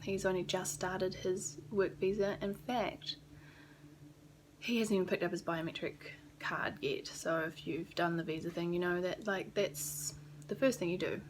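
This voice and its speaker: A woman's voice: fairly low pitch, steady tone, a little slow, background noise. A young woman from New Zealand with a New Zealand accent, rambling casually and swearing now and then in a vlog recorded in a small rented apartment. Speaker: vlogger.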